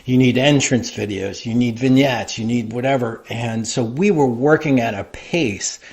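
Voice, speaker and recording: A middle-aged man, a guest in an interview, telling long stories in a loose, animated way full of fillers. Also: medium pitch, normal speed, gravelly. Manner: rambling, animated anecdote telling with many fillers. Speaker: interview guest, wrestling creative. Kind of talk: casual storytelling interview.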